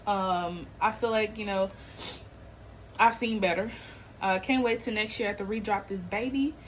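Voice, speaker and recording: A woman with a mid-range voice hosts a podcast at a moderate pace, with slight background noise on a low-quality recording. She chats casually and animatedly about celebrity and viral news, full of slang, laughing often and acting out what people said.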